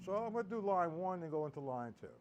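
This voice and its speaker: A man's voice: high voice, big pitch swings, quick pace, lo-fi sound. A man giving a live-streamed drum lesson, explaining accents and counting beats aloud. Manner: counts beats aloud loudly over drumming. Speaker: drum teacher. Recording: loud drum music under voice. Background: drums playing.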